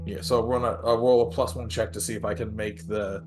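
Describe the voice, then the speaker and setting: A man's voice: on the low side, flat delivery, quick pace, music in the background. A man playing a tabletop game who explains his moves in a rambling way, full of "like" and restarts. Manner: rambling, with lots of "like". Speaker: player. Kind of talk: casual tabletop play.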